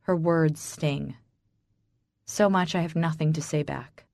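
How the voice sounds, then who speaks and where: A woman's voice: deep voice, fairly even intonation, slow pace, vocal fry, a little mellow, no echo, studio quality. A woman narrating a first-person romance audiobook in a dramatic, emotionally charged way.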